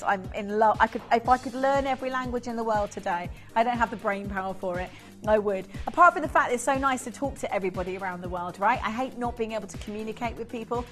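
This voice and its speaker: A woman presenting on a live shopping channel, chatty and excitable, laughing often and reading out buyers' names. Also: fairly high pitch. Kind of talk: live TV sales pitch.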